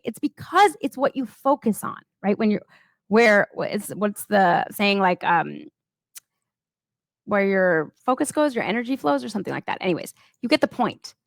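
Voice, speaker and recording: A woman's voice: on the high side, dry recording. A woman in her thirties giving a casual motivational talk as a coach, chatty and peppered with "like" and "right?".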